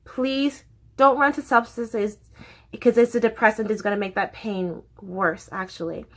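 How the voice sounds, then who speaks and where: Bubbly young woman vlogger, high and bright, casual and profane to camera. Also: fairly even intonation, normal speed. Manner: bubbly and chatty, swearing freely.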